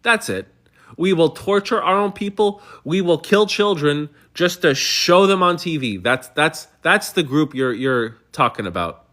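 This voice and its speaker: A man's voice: fairly high pitch, expressive, measured pace, fairly bright tone. Heated argumentative man on a livestream. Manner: heated, argumentative, stumbling restarts. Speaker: livestream host. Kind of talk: casual livestream chat answering comments.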